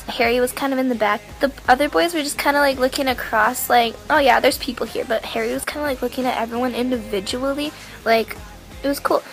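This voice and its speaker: A young woman telling an excited, rambling story to the camera, full of "like" and acted-out quotes of herself. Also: on the high side. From Canada. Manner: gushing, filler-heavy, quoting herself. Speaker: vlogger.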